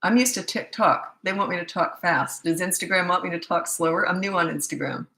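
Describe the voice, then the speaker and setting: An older woman, a parenting coach, answering viewer questions in a quick, chatty live-stream Q&A from a phone. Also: lowish voice, sharp tone. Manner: fast-talking, chatty. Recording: echoey room.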